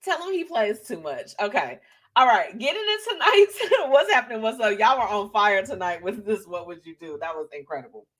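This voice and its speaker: A woman hosting a live show in an easy, chatty way. She laughs often and throws in slangy asides. Her pitch jumps high and drops low as she reacts to viewer comments. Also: sing-song, a little fast, a bit bright. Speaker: host.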